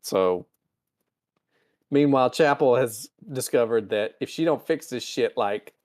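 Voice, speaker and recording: A man hosting a casual podcast recap, swearing freely and jumping into quick character quotes with lively pitch swings. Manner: animated, jumps pitch when quoting characters. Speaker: podcast host recapping episodes.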